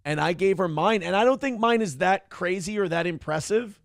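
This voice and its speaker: A man's voice: sits high, fairly quick, vocal fry, no room sound, clean studio sound. A middle-aged man hosting a livestream, talking candidly and rambling, reading viewer messages aloud. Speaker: streamer host. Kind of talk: casual livestream chat.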